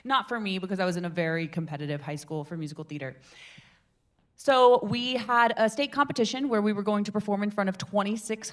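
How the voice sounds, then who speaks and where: A woman in her twenties hosting a public speaking meetup, telling stories to a live group in a theatrical, animated way. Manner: animated, theatrical storyteller with big swings in pitch and volume. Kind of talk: lively workshop talk to a live group.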